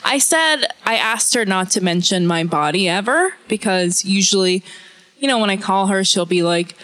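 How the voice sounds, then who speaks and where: A woman's voice: medium pitch, lively intonation, normal speed, a bit bright, no room sound. Emotional woman podcast host. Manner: emotional, rambling, laughs often. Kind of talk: casual interview talk.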